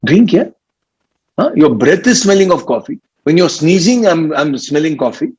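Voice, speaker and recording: Husky Indian English spiritual teacher. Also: male voice, on the high side, big pitch swings, normal speed, a little mellow. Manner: playful, teasing, laughs often, mimics people. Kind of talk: informal spiritual discourse. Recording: dull lo-fi recording.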